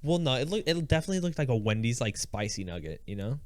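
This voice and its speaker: Speaking quickly at medium pitch, a young podcast co-host spins stories in a casual conversation, animatedly acting out quotes. The recording is studio quality with no echo.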